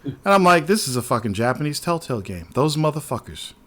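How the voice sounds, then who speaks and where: A man hosting a casual show, ranting in an animated, profane way and trailing off into repeated words. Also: fairly high pitch, brisk. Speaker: podcast host.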